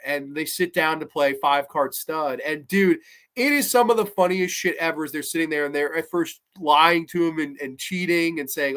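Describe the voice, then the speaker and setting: A man casually reviewing horror TV on his podcast, his voice sitting fairly high for a man. He rambles through plot recaps, swearing freely and restarting his sentences with plenty of fillers. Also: moderate pace. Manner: animated, profane, rambling, many fillers and restarts. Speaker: podcast host.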